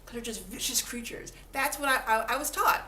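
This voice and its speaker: Fairly quick and fairly high-pitched, this woman's voice sounds pushed and bright. She's vlogging casually to camera, chatting, teasing herself, repeating words, and putting on little animal voices, with faint background noise in an echoey room.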